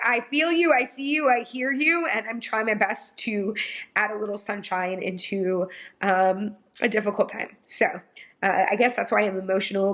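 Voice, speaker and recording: A young woman vlogger speaks straight to her camera, emotional and rambling, full of fillers. Her voice sits at a middle pitch, and she talks in a casual way. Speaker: lifestyle vlogger and influencer. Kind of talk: casual apology vlog to camera. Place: indoors by a sunny window.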